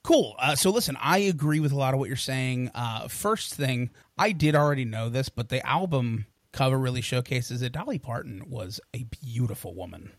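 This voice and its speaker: Man, medium pitch, podcast co-host, easygoing casual chat, dry close sound. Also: lively intonation, moderate pace, hardly any pauses, dry recording. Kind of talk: casual music review chat.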